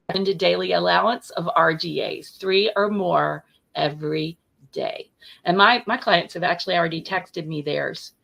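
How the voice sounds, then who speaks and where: A woman's voice: lowish voice, vocal fry, sharp tone, rough recording. A woman business coach, a guest on a talk show, giving direct practical advice in a conversational way. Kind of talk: casual interview talk.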